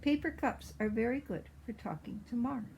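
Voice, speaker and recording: A woman voicing a precocious, spoiled little girl as she reads a storybook in character, with a pert, drawn-out way of stressing words. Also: on the high side, expressive, creaky, darkish tone, slight background noise, poor audio.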